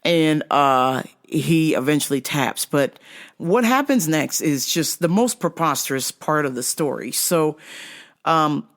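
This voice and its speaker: Animated, profane podcast storyteller. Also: medium pitch, unhurried.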